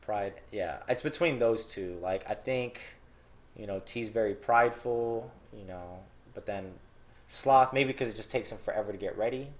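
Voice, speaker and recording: A man's voice: fairly low pitch, moderate pace. A young man co-hosting a podcast in casual chat, rambling with lots of fillers and restarts, laughing easily. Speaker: podcast co-host.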